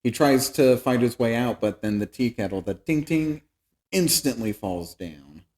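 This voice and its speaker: A man's voice: medium pitch, expressive, normal speed, a little mellow. A young man co-hosting a podcast, chatting casually about a movie and acting out lines from its scenes. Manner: laid-back, acts out lines from scenes. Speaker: podcast co-host. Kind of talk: casual movie review chat.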